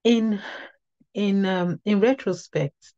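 A woman's voice: mid-range voice, takes it slowly, mellow, no echo. A woman teaching at a women's ministry, telling a testimony in an earnest storytelling way that often repeats and restarts phrases. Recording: slightly dull lo-fi recording.

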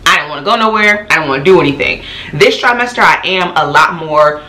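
A woman vlogger chatting quickly and casually to camera at home, tired and full of fillers. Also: sits low, expressive, bright, forceful tone. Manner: fast-talking, chatty, many fillers. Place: home apartment. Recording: echoey room.

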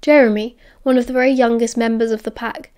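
A woman's voice: a little high, fairly even intonation, quick pace, a little mellow. British woman narrating an audiobook.

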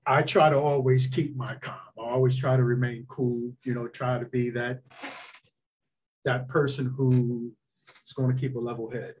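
Husky-voiced man, calm and measured. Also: medium pitch. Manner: calm, measured, gives plain advice. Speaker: sports official guest. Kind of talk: casual interview talk.

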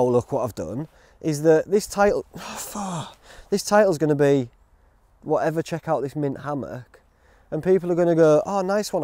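Male vlogger, dry close sound, mellow tone, rambling and self-mocking. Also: fairly high pitch, dry recording. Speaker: outdoor gear reviewer. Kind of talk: casual vlog chat. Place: outdoors in woods.

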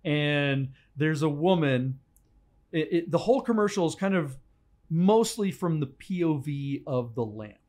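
A man with a fairly high voice co-hosts a casual podcast from a studio. He tells stories with energy and acts out the scenes as he goes. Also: a little slow. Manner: animated storyteller, acts out scenes. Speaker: podcast co-host. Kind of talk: casual chat.

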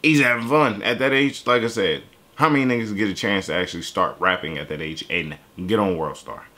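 Young male reaction host, low voice with a sharp edge, casual and cussing. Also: a little fast. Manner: loose, profane, animated talk with laughs.

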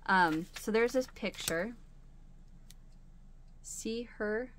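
A woman's voice: medium pitch, extremely slow, a bit bright. Chatty woman rambling about crochet at home. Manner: chatty and rambling, laughs often. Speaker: crochet channel host. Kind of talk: casual chat. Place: home, sitting in a chair.

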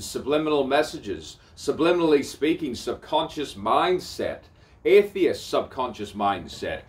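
A man's voice: mid-range voice, very animated, measured pace, recorded from a distance. A man, a self-described poet and playwright, delivering a rambling spoken-word monologue, repeating phrases, swearing freely and breaking into song. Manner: repetitive, theatrical, swears freely.

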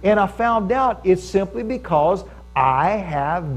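Male preacher, fairly high voice, conversational sermon, checks in with the congregation. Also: animated, a little slow. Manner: conversational preaching, stresses key phrases, often asks the audience for agreement. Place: church service with audience.

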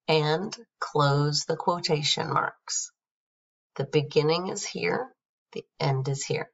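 A woman's voice: low voice, vocal fry. A woman teacher patiently going over a grammar worksheet, spelling words out letter by letter. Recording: dull, distant screen-recorded audio.

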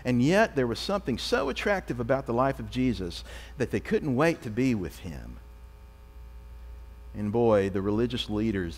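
A man preaching a sermon as pastor, animated, acting out the voices of figures he quotes. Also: fairly low pitch. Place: church sanctuary. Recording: long church reverb.

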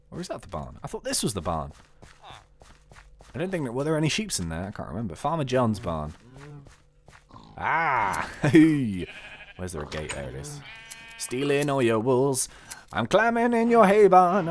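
A man hosting a game video, chatting excitedly and thinking aloud as he plays. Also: fairly low pitch. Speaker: gaming video host. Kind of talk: let's play commentary.

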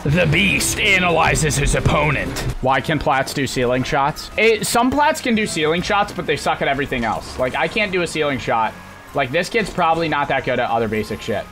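A young man streaming a video game on a headset mic, frustrated and cursing, often breaking into angry shouts. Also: on the high side, big pitch swings, a little fast. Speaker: gaming streamer. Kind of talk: live gameplay commentary. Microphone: gaming headset. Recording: game music playing behind the voice. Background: game music.

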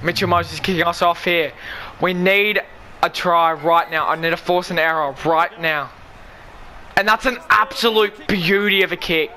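Excitable man yelling at a game. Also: sits high, normal speed, slight background noise. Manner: excitable, shouting and pleading at the game. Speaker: gaming YouTuber. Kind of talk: excited live gameplay commentary.

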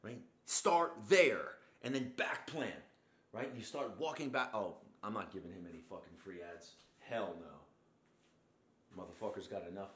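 A man's voice: fairly low pitch, normal speed, fairly bright tone, reverberant. A man hosting a show, giving a profane, rambling motivational rant in a blunt, cursing manner. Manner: blunt, swears constantly, rambling tangents. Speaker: show host.

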